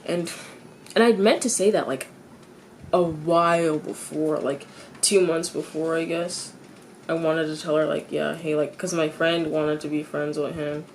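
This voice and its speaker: A teenage girl venting in a confessional vlog. She stops and restarts her sentences, repeats herself, swears freely, and her voice jumps high when she gets exasperated. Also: steady tone, a little slow, slight background noise. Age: teens.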